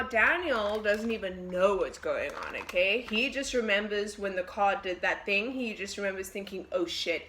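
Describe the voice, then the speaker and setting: A woman's voice: mid-range voice, a bit bright. A young woman in her twenties chatting casually while she bakes, telling a story and swearing freely as she jumps between the recipe and the tale. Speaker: vlogger baking and telling a story. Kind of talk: casual story-time chat.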